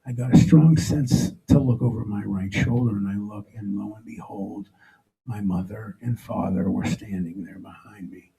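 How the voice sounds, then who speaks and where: A middle-aged man telling his own story on stage to a live audience, emotional and halting, often restarting his sentences. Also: on the low side, creaky, mellow, poor audio.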